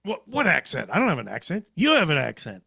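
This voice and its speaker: A man's voice: a little high, wildly swooping pitch, fast, creaky, bright, forceful tone, slightly rough, dry recording, studio quality. A man co-hosting a livestream, chatty and rambling, often correcting himself. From Canada. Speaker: co-host. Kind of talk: casual livestream chat.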